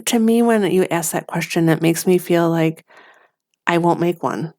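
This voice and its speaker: A middle-aged woman co-hosting a podcast in casual chat, hesitant, thinking aloud with many soft agreements. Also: on the low side, normal speed. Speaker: podcast co-host.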